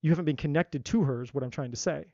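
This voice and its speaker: A man's voice: a little high, quick pace, mellow, dry recording, muffled recording. A man giving a live tarot reading, talking emphatically in a repetitive style and swearing casually. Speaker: tarot reader. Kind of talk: live-stream spiritual talk.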